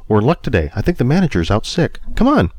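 A man's voice: medium pitch, huge pitch swings, quick pace, a little mellow, dry recording, pitched above the performer's own voice. A man doing a cheerful young bakery worker. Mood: friendly. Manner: friendly, casual, cheerful.

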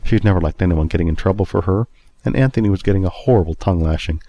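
A man reads a story aloud in a steady, even manner. His voice sits low, and the recording is dry and close. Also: rapid-fire, no room sound. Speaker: narrator. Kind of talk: storybook narration.

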